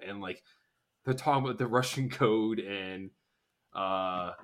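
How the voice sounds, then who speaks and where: A podcast co-host rambles through an episode recap in casual conversation, acting out characters' lines in quick bursts. His voice is fairly low in pitch, animated, and slightly bright.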